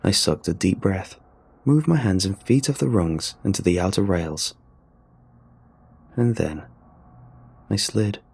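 A man's voice: deep voice, unhurried, long pauses, slightly rough. A man reading a first-person adventure story aloud in a wry, sardonic manner. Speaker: narrator. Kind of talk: scripted story narration.

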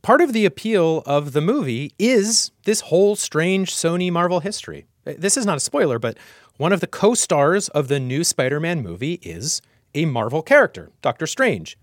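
Lively higher-voiced male host. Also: moderate pace, no echo, studio quality. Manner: animated, acts out quotes. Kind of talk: conversational podcast narration.

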